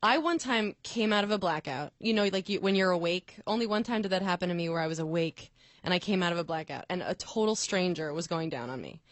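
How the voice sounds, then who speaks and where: A woman who is a guest on a talk show tells stories in an animated way and acts out the voices of the people in them. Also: lowish voice, quick pace, no room sound. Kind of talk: casual comedy chat.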